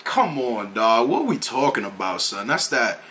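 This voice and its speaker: A man's voice: mid-range voice, sing-song, noisy background. Hyped slangy man reacting to music. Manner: slangy, hyped, interjects with quick affirmations. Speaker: music reaction channel host. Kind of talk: casual reaction commentary.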